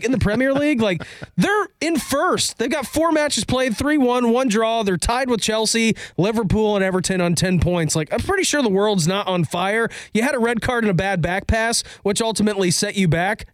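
A man co-hosting a podcast, chatting casually and bluntly about soccer, getting excitable. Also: sits high, no room sound. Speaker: podcast co-host. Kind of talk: casual sports chat.

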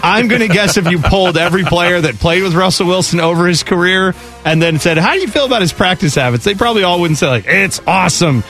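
A man's voice: high-pitched, fast, a bit bright, faint music behind. Opinionated male sports radio host. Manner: opinionated, chatty, slips into mocking voices for quotes. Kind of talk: casual sports radio chat. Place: radio studio.

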